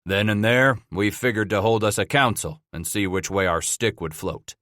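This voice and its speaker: A seasoned trapper leader speaks in a level, unhurried frontier drawl, as a male narrator voices him. The reading is dry and close to the mic. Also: lowish voice, a bit bright, dry recording, natural voice. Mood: calm.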